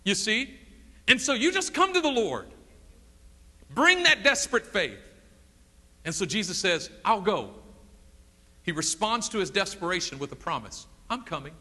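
A man preaching a sermon, animated and dramatic, acting out the voices of people in the story he tells. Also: high-pitched, moderate pace, long pauses, big-room sound.

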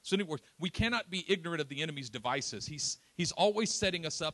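Bright, animated preacher man. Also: fairly high pitch, fast talker, few pauses, dry recording. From East Oakland, California. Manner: animated storyteller, acts out quotes, self-deprecating asides. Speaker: pastor. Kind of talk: sermon with personal storytelling.

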